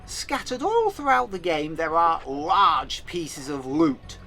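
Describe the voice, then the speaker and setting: A high, bright male voice narrating a game review, his pitch bouncing lively from phrase to phrase. He reads a script but slips in wry, chatty asides. Faint game music plays under the voice-over. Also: slow.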